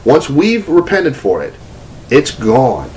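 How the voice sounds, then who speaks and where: A man's voice: mid-range voice, huge pitch swings, slow pace, darkish tone, a little hiss or hum, rough recording. A man giving a teaching talk, telling a personal story in a loose, conversational way with restarts and fillers. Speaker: preacher, ministry teacher. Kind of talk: testimony-style teaching talk.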